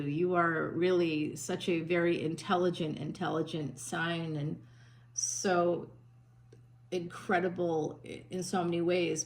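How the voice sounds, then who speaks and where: A woman's voice: on the low side, slight background noise, low-quality recording. A woman psychic giving a chatty tarot reading, with a Northern US accent that slips toward Southern, full of fillers and restarts. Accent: Northern US, drifting Southern. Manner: chatty, warm endearments, frequent fillers and restarts.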